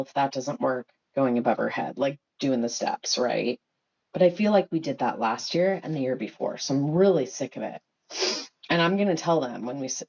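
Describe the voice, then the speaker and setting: Woman, fired-up mom rant, swearing, rambling, low voice, muffled phone sound. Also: a little mellow. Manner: heated, swearing, rambling with many fillers. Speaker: livestream host, mother. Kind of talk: casual livestream rant. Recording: dull lo-fi phone audio.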